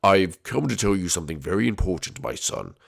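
A man putting on a deep, solemn ghost king. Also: big pitch swings, vocal fry, full character voice. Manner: slow, solemn, lowered voice. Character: ghost of a gruff male Bowser, grave father. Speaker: Minecraft role-play character.

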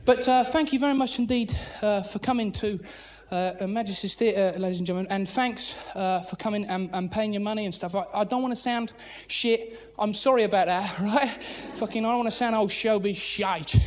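A man doing an excitable stand-up comedy routine on a theatre stage, swearing freely. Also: high voice, brisk, few pauses. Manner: frantic, excitable, swears a lot. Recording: live theatre recording with loud crowd. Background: loud audience laughter.

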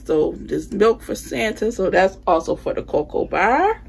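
A woman's voice: mid-range voice, very animated, measured pace, gravelly, husky. A woman chatting casually with her viewers as she shows off the holiday decor she bought, using phrasing like "y'all" and "I'ma". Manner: chatty, addresses viewers as "you guys". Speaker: home decor vlogger. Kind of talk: casual haul chat.

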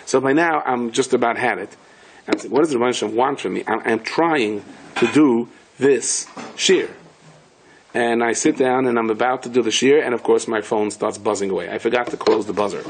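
A man teaching a Torah lesson through wry, self-deprecating anecdotes, his voice slightly husky at a middle pitch. He slips Yiddish and Hebrew words into his talk. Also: a little mellow, rough recording. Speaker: rabbi.

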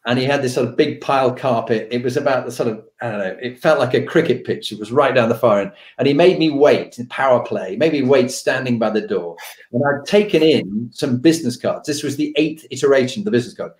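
A middle-aged man, a podcast host being interviewed, telling an anecdote with animated delivery. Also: mid-range voice. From United Kingdom. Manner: animated, acts out the voices of the people in his stories. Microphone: video call. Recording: roomy echoey room.

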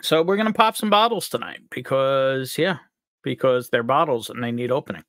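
This upstate New York man runs a live stream, greeting viewers by name from the chat in an upbeat, joking way. He speaks in a mid-range voice at a moderate pace, slightly bright, over clean studio audio with no room sound.

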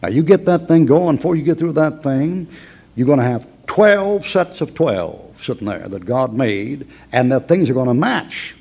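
A man's voice: mid-range voice, lively intonation, moderate pace, a little mellow, husky. A man teaching a Bible class in a folksy, emphatic way, with chuckling asides.

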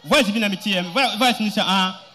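Man, nervous quick talker, high voice, church testimony. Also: bright, forceful tone. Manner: halting, hesitant, with restarts and fillers. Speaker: congregant giving testimony. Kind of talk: halting testimony.

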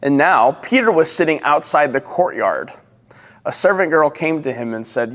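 A male pastor slowly reading scripture and leading prayer in a measured, solemn way. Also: mid-range voice, animated, big-room sound. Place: church sanctuary.

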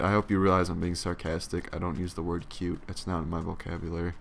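A man's voice: low-pitched, little pitch movement, fast, gravelly, slight background noise. A young man giving casual gameplay commentary, profane, sarcastic and tired, grumbling at the game. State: yawning, tired. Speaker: let's play commentator.

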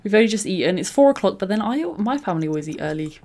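A woman's voice: mid-range voice, animated, racing, a little mellow. A young woman giving casual, chatty commentary while playing a life-simulation game. She giggles often and coos over cute moments. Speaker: gaming channel host.

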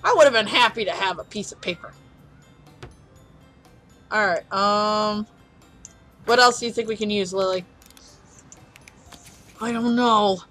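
Over faint chiptune music, a woman chats through a casual let's-play with a child, laughing a lot and gently encouraging her. She speaks in a fairly bright, mid-range voice at a measured pace, leaving long pauses.

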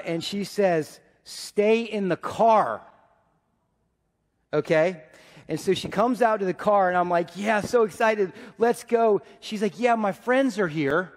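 Pastor, man in his 40s, higher voice, preaches with big loud-to-hushed swings, church hall reverb. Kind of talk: sermon. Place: church sanctuary.

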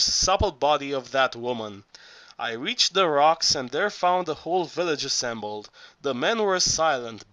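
A man narrating an audiobook in a halting reading voice, often stumbling and restarting words. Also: on the high side, sharp tone, no room sound.

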